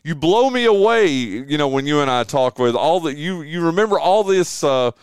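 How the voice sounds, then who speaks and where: A male morning radio host, chatting loosely and calling his guest dude. His voice is smooth and resonant, and his pitch swings freely. The studio sound is dry and close. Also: expressive, moderate pace, no room sound. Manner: loose, friendly, calls people dude. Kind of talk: casual radio chat.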